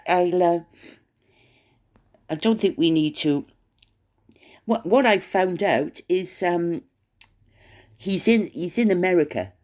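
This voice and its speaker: Brief: low, mellow-voiced woman ranting scornfully, lots of stumbling restarts. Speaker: commentary vlogger. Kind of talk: opinionated monologue.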